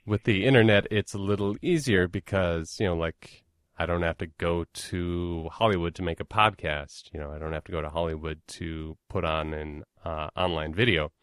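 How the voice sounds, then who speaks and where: A man's voice: low-pitched, moderate pace, a bit bright, smooth, no echo, clean studio sound. A Minnesotan man hosting a podcast, chatting casually in a rambling, self-deprecating way with plenty of fillers. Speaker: podcast host. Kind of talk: casual conversation.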